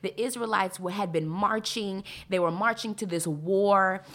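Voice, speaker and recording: A woman's voice: mid-range voice, normal speed, a bit bright. A woman hosting a podcast who reads Bible passages aloud and explains them in a conversational, enthusiastic way, repeating phrases for emphasis. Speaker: podcast host. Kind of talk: devotional Bible teaching.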